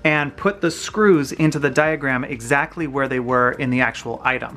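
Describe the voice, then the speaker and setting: A man hosting his own channel, casually walking viewers through a hands-on guitar tutorial in his home workshop, explaining step by step. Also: on the high side. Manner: relaxed, explains step by step, some restarts. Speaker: guitar builder and channel host.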